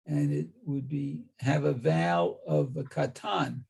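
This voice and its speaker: A man in his sixties, a student reading a text aloud slowly and haltingly, pausing often to check his understanding with his teacher. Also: medium pitch, big pitch swings, gravelly, darkish tone, husky. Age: 60s. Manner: slow, halting reading with frequent okays.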